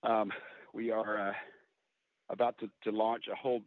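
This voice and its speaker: A middle-aged man, a country singer interviewed as a guest, speaking openly and earnestly in a halting, candid way. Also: fairly low pitch, flat delivery, dry recording. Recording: tinny phone-like line, dry.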